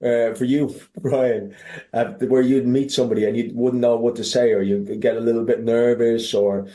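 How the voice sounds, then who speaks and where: A man with an Irish accent, a podcast guest telling stories in casual chat, animated, swearing freely and often restarting his sentences. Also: mid-range voice, normal speed, reverberant. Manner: animated, profane, many restarts. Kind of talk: casual interview storytelling.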